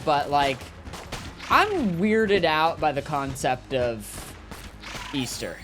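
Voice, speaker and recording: A man chatting casually while playing a game, rambling and joking as he answers his chat. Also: fairly high pitch. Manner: rambling, jokey, lots of fillers. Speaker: gaming streamer. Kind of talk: casual gameplay commentary, reading chat.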